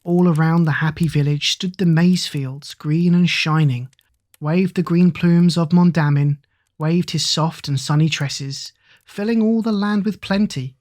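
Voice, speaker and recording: A narrator reading an epic poem aloud as a bedtime sleep story, in a measured, rhythmic recitation. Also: medium pitch, darkish tone.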